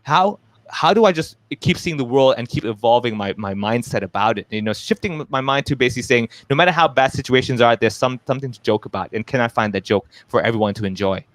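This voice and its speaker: A man's voice: mid-range voice, fast talker. A man from Hong Kong, a stand-up comedian, chatting casually in an interview and acting out voices in his stories. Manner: animated storyteller, acts out quoted voices.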